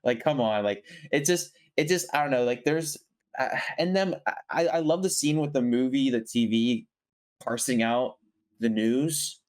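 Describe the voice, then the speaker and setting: A man's voice: medium pitch, moderate pace. A man talking casually on a podcast, reviewing a movie with lots of fillers, restarts and apologies. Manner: rambling, frequent fillers and self-corrections. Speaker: podcast co-host reviewing a film. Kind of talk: casual chat.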